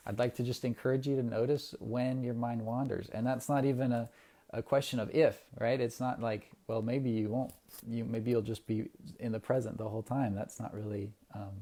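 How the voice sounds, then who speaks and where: A man guiding a mindfulness lesson on a livestream, talking casually and gently with many ums and restarts. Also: mid-range voice. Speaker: mindfulness instructor. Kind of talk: casual livestream meditation guidance.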